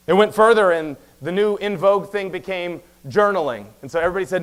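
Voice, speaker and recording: A man preaching a sermon as pastor, talking very fast and telling stories with quick asides. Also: high voice, clear, resonant tone. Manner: animated storytelling with quick asides; talks very fast. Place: church sanctuary.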